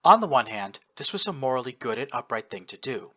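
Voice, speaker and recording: An expressive man reads a first-person war tale aloud with lively storytelling. His voice is bright and forward, and his pitch moves freely over a wide range. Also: fairly quick. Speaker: narrator. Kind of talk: first-person audiobook narration of fan fiction.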